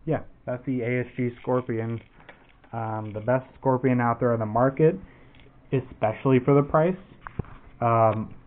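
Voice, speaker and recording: A man casually demoing airsoft gear, rambling and swearing with lots of restarts. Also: mid-range voice. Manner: rambling and profane, with frequent restarts. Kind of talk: casual product demo. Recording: tinny phone-like audio with faint noise.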